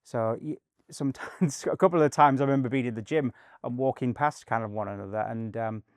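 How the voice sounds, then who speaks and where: A man's voice: medium pitch, brisk, dry recording, clean studio sound. A middle-aged man, a performance coach, telling stories in a casual interview with many restarts. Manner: rambling, many fillers and restarts, animated anecdotes.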